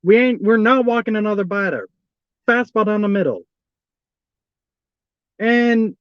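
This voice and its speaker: High-pitched male fan streamer, dry dull lo-fi sound, keeps repeating himself in exasperation. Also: expressive, a little slow, pauses often, smooth, dry recording. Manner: exasperated, repeats the same pleas over and over. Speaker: fan streaming a live baseball watch-along. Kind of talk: live fan commentary.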